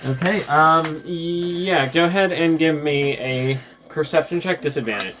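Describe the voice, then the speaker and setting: A man's voice: fairly high pitch, a little slow, background noise. Laid-back male game master; rambling, filler-heavy narration. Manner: loose and casual, many fillers, laughs easily.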